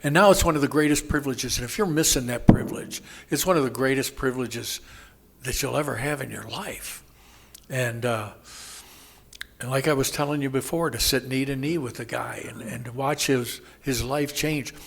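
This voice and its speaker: Gravelly man telling a recovery story. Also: medium pitch, moderate pace. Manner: rambling, self-interrupting storyteller who laughs at his own jokes; acts out quoted voices with sudden loud jumps. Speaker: AA speaker. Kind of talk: personal recovery story at a meeting.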